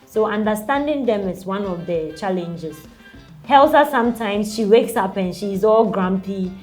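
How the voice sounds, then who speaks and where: A young Ghanaian woman chats with an easy, unhurried manner, sprinkling "like" through her sentences and laughing lightly. Her voice sits at a middle pitch, with faint music playing quietly behind her. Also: animated. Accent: Ghanaian English. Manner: chatty, peppered with "like" and laughs. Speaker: interviewee mother. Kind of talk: casual chat.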